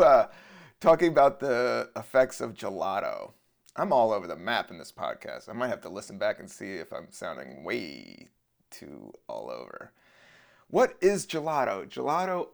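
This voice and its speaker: A man hosts a podcast alone, drifting from topic to topic in a loose, joking ramble. His voice has a gravelly, fried edge and sits at an ordinary middle pitch. He grew up in the Washington DC area and swears easily. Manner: loose, wandering, jokey, swears casually. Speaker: podcast host. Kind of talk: rambling casual monologue.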